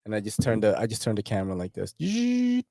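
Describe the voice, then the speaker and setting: A man's voice: on the low side, little pitch movement, rapid-fire, warm tone, no room sound, studio quality. A man vlogging about knives in a rambling casual chat, full of slang and frequent swearing. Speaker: knife vlogger.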